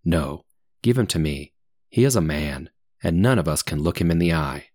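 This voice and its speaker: A domineering, greedy tiger roars his demands in a very low voice, as a man reads him out. His delivery is slow and heavy, recorded close and dry. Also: expressive, darkish tone, no room sound. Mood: demanding. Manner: roaring, demanding.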